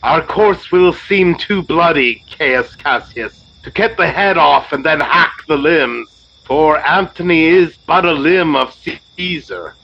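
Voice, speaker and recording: A man playing a noble, brooding Roman conspirator in an audio drama, speaking slowly and deliberately. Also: mid-range voice, vocal fry. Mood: grave. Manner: slow, deliberate. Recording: dull lo-fi sound.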